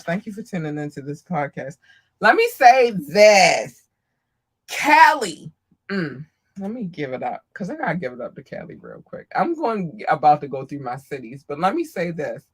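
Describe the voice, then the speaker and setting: A woman hosting a live podcast, casually giving affectionate shout-outs to listeners and often squealing her greetings. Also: deep voice, breathy edge. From Maryland, US. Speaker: podcast host.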